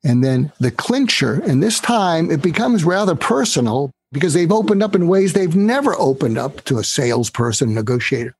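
A man talking as a guest expert on selling and negotiating, animated and acting out bits of dialogue as he explains. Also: moderate pace, hardly any pauses, slightly rough, no room sound. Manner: animated, acts out dialogue with raised pitch for quoted lines. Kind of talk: explanatory interview talk.

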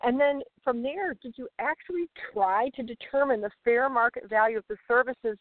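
A woman's voice: fairly high pitch, normal speed, no echo. A woman calling in from a car by the roadside, explaining rules with frequent fillers and restarts. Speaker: regular guest on mortgage industry show. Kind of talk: casual update by phone. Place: car pulled over by a rural road. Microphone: cell phone. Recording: tinny phone line.

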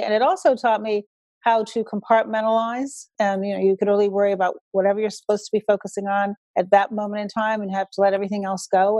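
An older woman, a guest in an interview, speaking in a measured, storytelling way. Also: medium pitch, darkish tone, no room sound. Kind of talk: conversational interview.

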